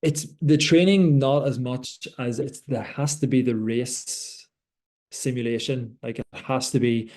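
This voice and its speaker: This unhurried, slightly mellow male voice sits at medium pitch. He's a young doctor and rower from Ireland, thinking aloud during a conversational interview with plenty of restarts.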